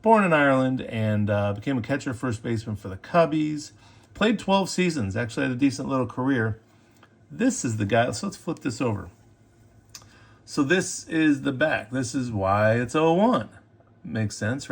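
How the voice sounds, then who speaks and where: A middle-aged man talks casually about the cards in his collection, chatty and upbeat. His voice sits at an ordinary middle pitch, and he keeps breaking in with little fillers and self-corrections. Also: gravelly. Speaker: sports card collector and video host.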